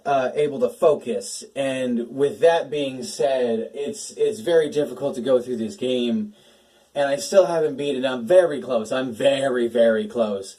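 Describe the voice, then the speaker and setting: A man's voice: mid-range voice, measured pace, mellow, recorded from a distance, rough recording. A young man hosting a casual gaming talk, emotional and swearing, laughing between his words. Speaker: gaming channel host.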